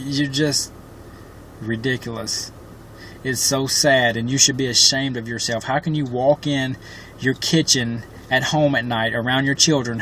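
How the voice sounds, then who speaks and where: A middle-aged man talking straight to his viewers in a personal vlog, impassioned and frustrated, often pausing on fillers. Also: mid-range voice, a bit bright, slight background noise. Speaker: vlogger advocating for his mother. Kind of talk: direct-to-camera personal vlog.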